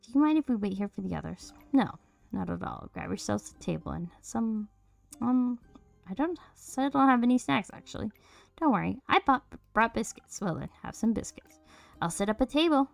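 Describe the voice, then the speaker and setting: A woman's voice: a little high, moderate pace, gravelly, no echo, faint music behind. A woman streaming a narrative game, reading out all the characters' lines in playful, shifting voices. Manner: switches between character voices, lively and playful. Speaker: streamer voicing a game's characters.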